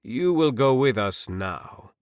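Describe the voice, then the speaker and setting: A stern Roman centurion, as a male narrator plays him, giving orders in a firm, measured and commanding voice. The delivery is slow and deliberate, and the sound is close and dry. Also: medium pitch, expressive, smooth, dry recording. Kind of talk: audiobook character voice.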